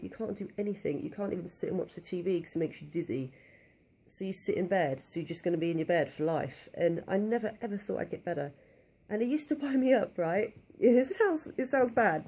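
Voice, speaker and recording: A woman's voice: fairly low pitch, dark tone. Young woman vlogging, slightly breathless. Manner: candid, chatty, many "um" and "like" fillers. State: a bit out of breath, blocked nose from a cold. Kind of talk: casual talk to camera.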